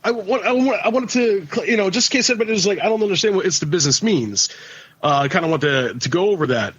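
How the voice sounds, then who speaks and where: A man's voice: high-pitched, lively intonation, quick pace, fairly bright tone, breathy edge, highs cut off. A man co-hosting a podcast in casual chat, rambling and swearing, with many restarts. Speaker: podcast co-host.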